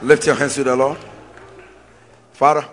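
A male pastor leading a congregation in fervent prayer, chanting repeated phrases and rising into shouts. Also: mid-range voice, flat delivery, measured pace, a faint crowd, a little hiss or hum. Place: church service.

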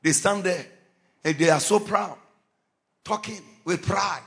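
A man preaching a Christmas sermon to a church, fervent and swinging from quiet lines into sudden shouts. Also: sits high, unhurried, creaky. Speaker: pastor.

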